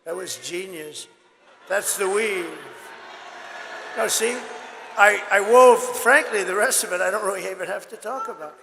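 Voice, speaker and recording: Gravelly hoarse older man at a rally. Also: unhurried. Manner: rambling, repetitive, boastful, shifts between loud shouts and low asides. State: hoarse, voice worn from several speeches. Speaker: political candidate at a rally. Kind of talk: campaign rally speech. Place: large rally venue. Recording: reverberant hall with crowd and faint noise.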